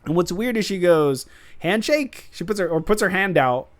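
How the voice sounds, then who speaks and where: A man with a smooth, resonant voice chats casually as he recaps an episode, slipping into quick acted-out lines and laughing along the way. His voice sits a little high for a man, and the recording is dry and close. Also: dry recording. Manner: animated, acts out lines with laughs. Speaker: podcast co-host.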